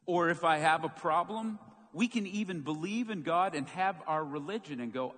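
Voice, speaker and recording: A man preaching a sermon as pastor, telling a story with lively, acted-out moments. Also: a little high, moderate pace. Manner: animated storytelling, acts out quoted shouts. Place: church sanctuary. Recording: long church hall reverb.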